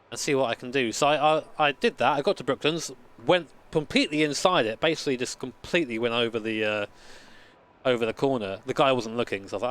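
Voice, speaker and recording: A man's voice: mid-range voice, expressive, fast, fairly bright tone. A man in his late twenties, a sim racing streamer chatting casually with swearing and rambling stories. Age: late 20s. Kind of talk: casual live-stream chat.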